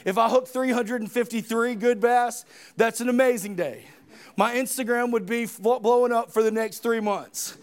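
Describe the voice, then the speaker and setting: A man preaching a sermon in church, swinging between loud shouted passages and quiet, hushed retellings of scripture scenes. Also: extremely high pitch, fairly even intonation, moderate pace.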